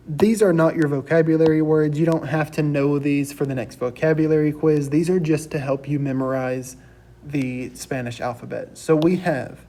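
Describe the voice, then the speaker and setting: A young man teaching a recorded class lecture, saying each word slowly and clearly for students to repeat. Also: on the high side, dark tone, a little hiss or hum. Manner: slow, deliberate, drills words for repetition.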